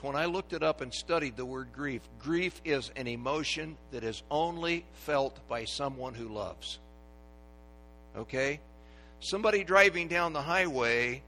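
Bright-voiced preacher in a reverberant hall. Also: male voice, a little high. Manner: dynamic, swinging from hushed to loud and emphatic. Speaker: pastor. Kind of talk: sermon. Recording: long reverb of a large hall.

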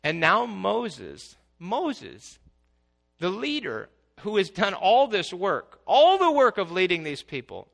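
A man preaching a sermon as pastor, swinging from quiet asides to loud, exclaiming passages. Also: high-pitched, huge pitch swings, slow pace, creaky.

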